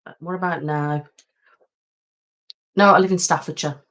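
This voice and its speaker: A woman from England's West Midlands, speaking with the region's accent, hosts an ASMR channel and chats casually and self-deprecatingly on a live stream, dropping plenty of ums. Her voice is low and steady, fairly bright, at a normal speed. She's recorded on a home webcam setup.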